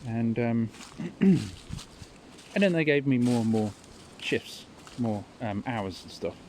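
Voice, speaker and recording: A young man tells a personal story and keeps pausing on fillers. His voice sits in a middle register. A faint outdoor hum runs behind him. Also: mid-range voice, expressive, a little mellow. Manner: rambling, hesitant, many fillers. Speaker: vlogger.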